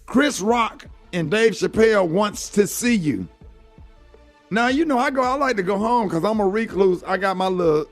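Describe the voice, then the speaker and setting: A middle-aged man hosting a morning radio show, telling a heartfelt story in an earnest way and saying "man" often. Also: high-pitched. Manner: earnest, heartfelt, fills talk with "man" and "you know".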